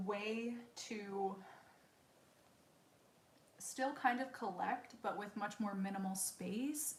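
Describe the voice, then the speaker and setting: A woman's voice: mid-range voice, echoey room, a little hiss or hum. A woman in her thirties hosting a casual live Q&A from home, chatty and self-deprecating, laughing often, on a wireless mic. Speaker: livestream host answering viewer questions. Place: room at home. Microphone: wireless mic with receiver.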